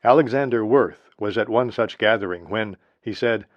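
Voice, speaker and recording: A man narrating a history audiobook in a steady, measured reading. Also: on the low side, dry recording. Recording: dry, slightly dull lo-fi recording.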